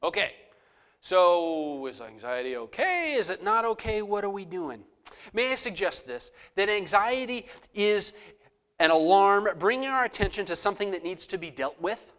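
A man's voice: high-pitched, very animated, normal speed, a bit bright, smooth. A middle-aged man preaching a sermon as pastor, conversational, acting out prayers aloud in his own voice.

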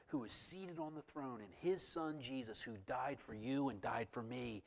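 A man preaching a sermon as pastor, swinging from loud exclamations to hushed near-whispers and telling stories with repeated words and restarts. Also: medium pitch, moderate pace, creaky, hardly any pauses.

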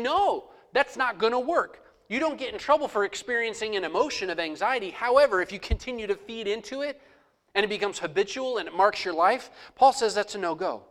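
A man's voice: high-pitched, a bit bright. A middle-aged man preaching a sermon as pastor, conversational, acting out prayers aloud in his own voice.

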